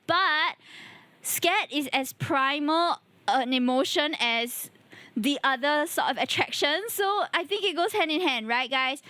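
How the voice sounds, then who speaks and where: A woman's voice: high-pitched, sharp tone, no room sound. A tired woman streamer, chatting playfully and addressing her chat. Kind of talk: casual live-stream chat.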